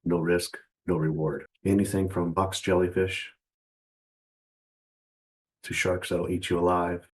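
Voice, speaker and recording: Brief: low-voiced male host, mocking and profane, lectures viewers he calls traders. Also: level tone, unhurried, poor audio. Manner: scornful and profane, laughs at his own jabs; keeps calling the viewer traders. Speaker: trading channel host. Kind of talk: mocking motivational rant to the viewer.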